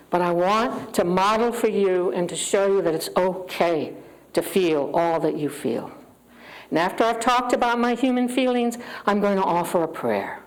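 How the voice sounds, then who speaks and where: Woman, church speaker, slow and deliberate, earnest, emotional, leading prayer to a congregation. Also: lowish voice, poor audio. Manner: earnest, openly emotional, slow with long pauses. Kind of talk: spiritual talk and guided prayer. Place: church sanctuary with live audience. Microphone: handheld microphone.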